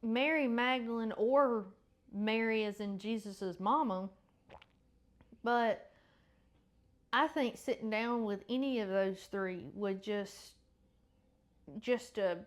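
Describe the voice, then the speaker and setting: Woman podcast host, chatty faith talk, higher-pitched, slightly congested. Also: slow, pauses often. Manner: rambling, self-correcting, chatty. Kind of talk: casual faith chat and Bible reading.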